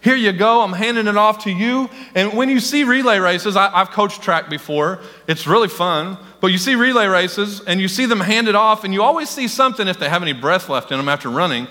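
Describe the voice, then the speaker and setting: An excitable male pastor with a high, bright voice delivers a sermon to his congregation. He calls on people in the pews and keeps getting carried away. The sound rings with the long reverb of a church hall. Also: brisk, hardly any pauses. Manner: excitable, talks directly to the congregation. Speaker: senior pastor. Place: church sanctuary.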